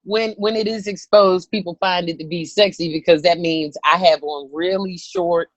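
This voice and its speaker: A woman in her thirties, a comedian telling a story, animated and profane, acting out the voices of people in it. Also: lowish voice, moderate pace, no echo, lo-fi sound. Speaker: comedian guest. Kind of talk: comic storytelling.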